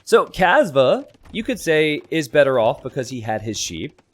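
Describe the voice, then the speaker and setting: Casting an esports strategy match at a moderate pace, this lively man lets his pitch swing widely. Tactics get a relaxed explanation, but surprises send him into loud, high-pitched disbelief.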